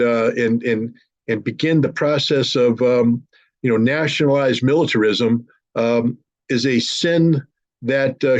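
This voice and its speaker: A man giving forceful, indignant political commentary as a guest in an online interview. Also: medium pitch, no room sound, highs cut off.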